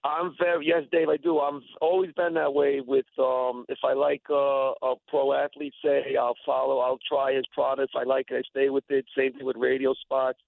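A man in his forties calls in to a radio show, with a gravelly morning voice that comes through a tinny phone line. He rambles in a friendly, hesitant way, with lots of restarts. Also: mid-range voice, level tone, moderate pace, few pauses, dry recording. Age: 40s. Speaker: radio caller. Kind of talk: phoned-in chat. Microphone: telephone.

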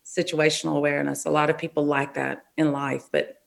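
A middle-aged woman with a low, deep speaking voice talks through her officiating stories in a relaxed, frank interview. She restarts her sentences now and then as she remembers details. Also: brisk, vocal fry. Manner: relaxed, frank anecdotal telling with short restarts. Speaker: NFL official, interview guest. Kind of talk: conversational interview storytelling.

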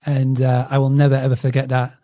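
A man's voice: mid-range voice, completely flat delivery, fast, dark tone. A man from northern England with a mixed accent, a podcast guest chatting casually, laughing and restarting his sentences. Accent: Northern English, mixed. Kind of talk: casual interview chat.

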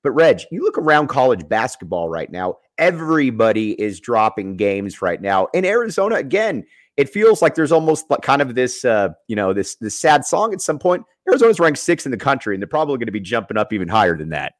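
Animated man hosting a sports podcast. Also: medium pitch, fairly quick, no echo, clean studio sound. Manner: enthusiastic, animated, rambling. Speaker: podcast host.

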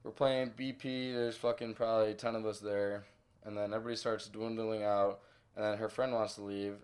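A man's voice: on the low side, little pitch movement, moderate pace, darkish tone. A young man in casual conversation, telling stories in a laid-back, bragging way. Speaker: guest.

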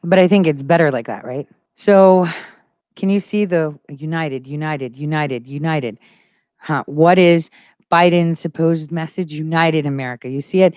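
This livestream host's voice sits low with a darkish tone, and she talks at a normal speed. Insistent and full of conviction, she repeats phrases for stress, captured in clean studio sound with no room noise.

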